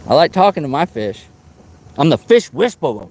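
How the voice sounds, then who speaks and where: A man hosting a live fishing stream, chatting casually and excitably, teasing friends and whooping. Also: fairly high pitch, normal speed, slight background noise. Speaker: fishing livestream host.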